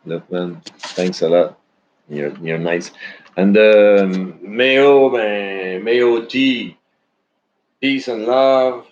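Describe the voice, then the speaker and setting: A man's voice: deep voice, drawn-out words. A man who is talking casually to his followers. He rambles and halts, with many restarts and fillers. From Canada. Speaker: vlogger. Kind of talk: casual personal chat to followers. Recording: dull lo-fi recording with faint noise.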